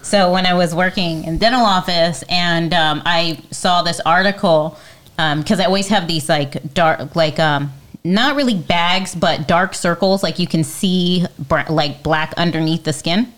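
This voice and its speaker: A woman's voice: lowish voice, unhurried, fairly bright tone. A woman in her forties co-hosting a live podcast, telling stories casually and laughing often. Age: 40s. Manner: chatty storyteller, laughs often. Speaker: podcast co-host.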